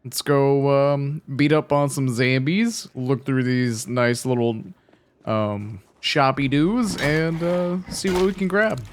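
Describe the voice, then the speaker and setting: A man's voice: medium pitch, steady tone, takes it slowly, a little hiss or hum. A man in his late twenties chatting casually and rambling through a let's-play commentary, joking at his own expense. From United States. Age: 20s. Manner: rambling, chatty, self-mocking. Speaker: gaming YouTuber.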